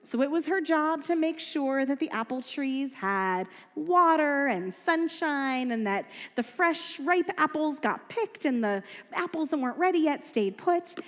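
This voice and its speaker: A woman's voice: high-pitched, expressive, a little slow, a bit bright. A woman telling a story to children at a family service, playful and quizzing them with questions. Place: synagogue sanctuary. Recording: echoey hall with faint music.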